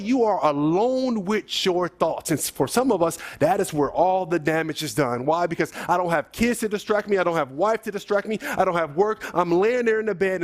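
A man preaching a sermon as a pastor, talking in a conversational way with many rhetorical questions and rising to emphatic peaks. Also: sits high.

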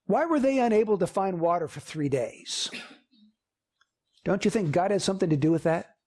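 A male pastor delivers a sermon in a church. His voice sits fairly high for a man, and he preaches earnestly, driving points home through repetition. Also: lively intonation, moderate pace, a little mellow. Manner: earnest, emphatic preaching with repeated phrases.

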